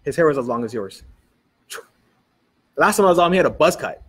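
Animated man preaching a sermon. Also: fairly high pitch, fairly quick, slightly rough. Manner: animated storytelling, quoting people in dialogue. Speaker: pastor. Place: church.

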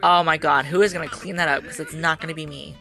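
A woman hosting a life-sim game video, chatting casually as she plays, excitable and teasing, often laughing and cheering. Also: deep voice, fast talker, gravelly, soft background music. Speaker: gaming channel host.

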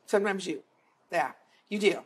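Chatty woman telling an animated story. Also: medium pitch, moderate pace, slight background noise. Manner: acts out voices in her anecdotes, chatty, lots of "like". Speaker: actor and singer, interview guest. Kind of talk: animated storytelling in a sit-down interview.

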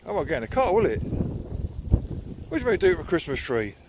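Out in the countryside near water, a middle-aged dog owner walks with his phone in hand, filming and playfully teasing his dogs in a chatty, sing-song tone. His voice is high-pitched and very animated, he speaks briskly, and the background is noisy.

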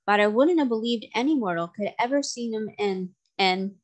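A woman reading aloud and voicing a gruff old sailor who mutters low in a storybook. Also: normal speed, close to an everyday voice. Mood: musing. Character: old one-legged sailor, gruff and uneasy.

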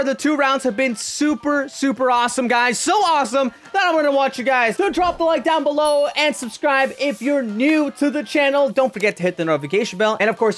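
A woman giving excitable gameplay commentary as a gaming YouTuber, often bursting into shrieks and yells. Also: on the high side.

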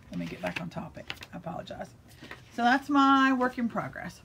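A woman's voice: fairly high pitch, very animated, a little fast, bright, forceful tone, a little hiss or hum. Bubbly American woman gushing about knitting. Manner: bubbly and gushing, with breathy asides. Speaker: yarn shop owner and vlogger. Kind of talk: casual chat about knitting. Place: her yarn shop.

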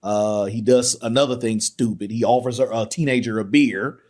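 A man hosting a podcast, excitedly retelling a film's scenes in casual talk, acting out the lines. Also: medium pitch, moderate pace. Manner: excited retelling with acted quotes, laughs often. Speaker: podcast host. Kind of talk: casual film discussion.

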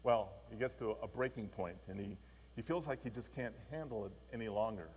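A male pastor giving a sermon, telling a story in an expressive, animated way. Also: lowish voice, fairly quick, husky. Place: church. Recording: long church reverb.

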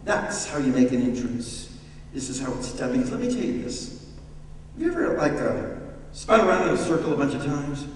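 Animated preacher man in echoey hall. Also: medium pitch, moderate pace, slight background noise. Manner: animated, swings from hushed to loud. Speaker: pastor. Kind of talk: sermon. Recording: echoey church hall, distant mic.

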